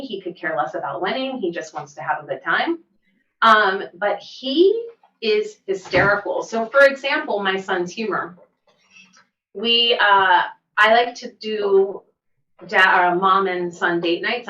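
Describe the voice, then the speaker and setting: Middle-aged woman yakking on a podcast, lively storyteller, sounds far off in an echoey room. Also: mid-range voice. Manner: animated storyteller, laughs easily. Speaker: podcast co-host, massage therapist and physical therapy assistant. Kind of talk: casual podcast chat. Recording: roomy, distant, dull mic sound.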